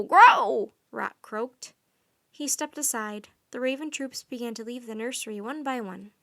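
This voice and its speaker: A woman reading a children's story aloud in soft, even narration. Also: a little high.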